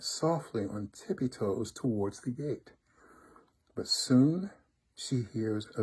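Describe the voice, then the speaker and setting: A man's voice: medium pitch, takes it slowly, husky. Man reading a folk tale aloud. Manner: expressive, rhythmic storytelling. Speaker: storybook reader, fraternity member.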